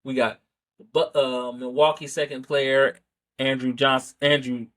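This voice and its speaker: A man's voice: mid-range voice, level tone, a little slow, a bit bright. A man hosting a sports podcast, giving a casual, rambling opinion monologue full of self-corrections and rhetorical "right?" asides. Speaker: podcast host.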